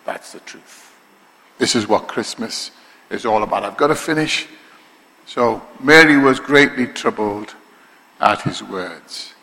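Bright-voiced Liverpool preacher in a reverberant hall. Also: male voice, lowish voice, vocal fry. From Liverpool, England. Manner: swings from quiet asides to loud, slow, stretched proclamations. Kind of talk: sermon.

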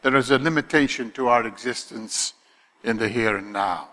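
Bright-voiced male pastor preaching in a hall. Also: mid-range voice, moderate pace. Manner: emphatic, rhetorical questions to the congregation. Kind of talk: sermon. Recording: long hall reverb.

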